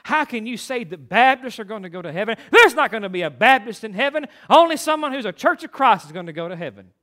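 A self-righteous woman caller scolds and accuses, her voice pitched high and swinging sharply with indignation, as a preaching man quotes her. The tone is bright and biting. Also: expressive, normal speed, exaggerated voice. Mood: scolding.

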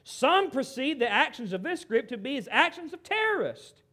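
Middle-aged american pastor preaching, high voice, swoops all over, chatty asides. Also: male voice, normal speed. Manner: animated, conversational, asides to the congregation. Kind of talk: sermon.

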